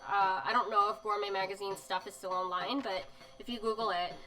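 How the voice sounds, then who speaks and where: A woman's voice: medium pitch, fairly even intonation, a little fast, poor audio. A woman chatting casually on a live stream, reading magazine bits aloud with lots of fillers and emotional asides. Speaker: streamer showing zines. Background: soft music.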